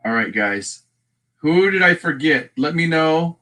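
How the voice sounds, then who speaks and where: A Texan man with a bright, forward voice runs a casual livestream. He chats loosely, greets viewers by name and talks to the chat while he works. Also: a little high, expressive, measured pace. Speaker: livestream host.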